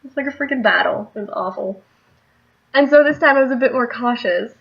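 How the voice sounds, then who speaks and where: A woman's voice: fairly high pitch, brisk, creaky, lo-fi sound. A young adult woman telling a story in a casual vlog, chatty and rambling, often laughing. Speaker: vlogger.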